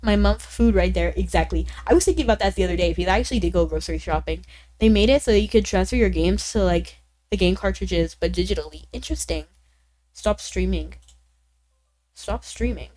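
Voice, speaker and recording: A woman's voice: on the low side, fast talker, dark tone. A woman livestreaming and chatting casually with viewers; she is sick and her voice sounds a little off, and she rambles with lots of "like" and small laughs. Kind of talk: casual stream chat reading viewer comments.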